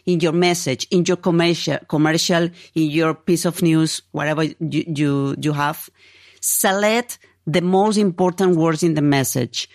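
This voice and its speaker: A woman's voice: low-pitched, dry recording, studio quality. A woman professor explaining ideas in an interview, stressing points by repeating words. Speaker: media psychology professor.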